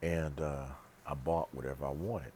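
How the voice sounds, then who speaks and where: Very deep-voiced man, emphatic and repetitive. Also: fairly even intonation, normal speed, darkish tone, a little hiss or hum. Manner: emphatic, repeats phrases for stress; rambling, with restarts and asides. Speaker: pastor and vlogger. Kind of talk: casual monologue vlog.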